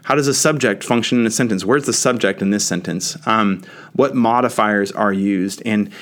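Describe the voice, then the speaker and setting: Low-voiced man teaching casually. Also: normal speed, fairly bright tone. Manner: conversational, checks in often with "right?". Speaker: Bible teacher.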